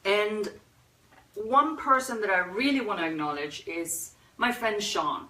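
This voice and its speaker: A woman hosting a pet memorial livestream, talking unscripted in a teary, soft-hearted way with sighs and pauses. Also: mid-range voice, animated. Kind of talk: unscripted emotional talk. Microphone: phone or webcam. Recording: roomy echo, a bit far from the mic.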